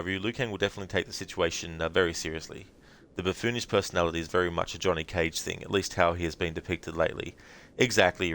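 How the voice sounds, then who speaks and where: A man's voice: sits low, fairly bright tone. An Australian man streaming a game, chatting casually with viewers in a rambling way. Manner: rambling, full of fillers.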